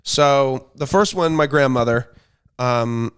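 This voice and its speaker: A man's voice: mid-range voice, takes it slowly, a bit bright, smooth. Young guy hosting a podcast, laid back, rambles through stories and laughs a lot. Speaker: podcast host. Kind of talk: casual chat.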